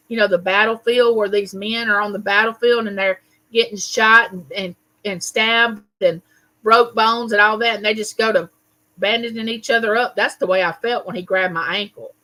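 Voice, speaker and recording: A woman hosts a casual livestream, her voice bright and clear. She tells her stories with animation and welcomes each viewer by name. Her pitch sits in the middle of the usual range for a woman. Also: poor audio. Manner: animated storyteller, greets viewers warmly by name. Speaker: livestream host. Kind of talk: casual livestream chat and storytelling.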